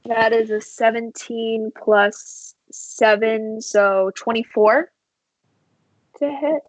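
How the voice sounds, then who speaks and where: Slow, high-voiced woman game master. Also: fairly even intonation, poor audio. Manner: unhurried, halting, many fillers. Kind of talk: narrating a tabletop game.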